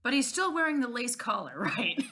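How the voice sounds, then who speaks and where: A woman co-hosting a casual read-aloud of a novel, animated and chatty with lots of banter. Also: a little high, normal speed. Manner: animated, giggly, many restarts. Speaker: book reading co-host.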